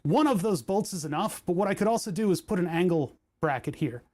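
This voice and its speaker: A man's voice: high voice, expressive, brisk, darkish tone. A man chatting casually in his home workshop as he works out a build, thinking aloud with joking asides. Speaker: hobbyist maker.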